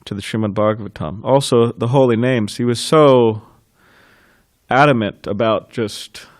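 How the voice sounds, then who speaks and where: A man giving a temple scripture class, telling stories in an informal way and laughing softly between thoughts. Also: medium pitch, moderate pace, no room sound, clean studio sound. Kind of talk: reminiscing temple class talk.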